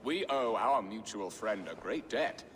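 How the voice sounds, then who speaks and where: A man's voice: lowish voice, expressive, a little slow, a bit bright, big-room sound, slight background noise. A man voicing a hearty, sly Danish jarl in a video game. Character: jovial Danish jarl, crafty schemer.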